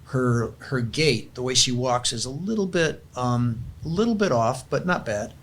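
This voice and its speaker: A man's voice: medium pitch, expressive, moderate pace, fairly bright tone. An older man, a grandfather and podcast guest, telling a heartfelt family story in an earnest, conversational way and closing in prayer.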